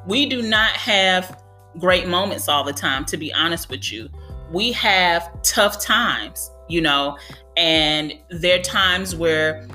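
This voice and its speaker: A woman with a low, pushed, bright voice hosts a podcast for childcare educators. She gives conversational advice in an earnest, encouraging monologue, often saying "you know."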